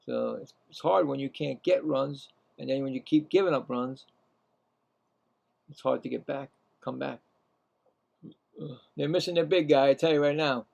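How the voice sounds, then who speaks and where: A man giving casual, rambling live baseball play-by-play, chatting to himself between pitches and rising sharply in pitch on the calls. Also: normal speed, gravelly, long pauses, a little mellow. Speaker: play-by-play commentator.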